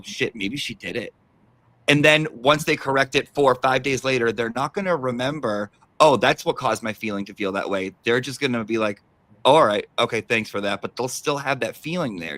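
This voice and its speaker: A man hosting a casual podcast chat, talking in an animated, profane way and acting out what people might say. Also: mid-range voice, dry recording. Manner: animated, profane, acts out quotes. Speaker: podcast host.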